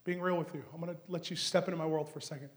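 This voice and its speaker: A man from Canada preaching and telling a story in an animated way, often laughing and shouting. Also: on the high side, very fast. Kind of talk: sermon storytelling.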